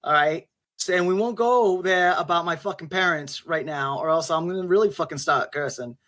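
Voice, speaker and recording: A brash teenage scout boy who curses in nearly every sentence, as a man puts him on in a tabletop role-play. He is blunt and scrappy, a tinkerer, in a slightly high voice. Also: moderate pace, fairly bright tone, lightly acted. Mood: irritated.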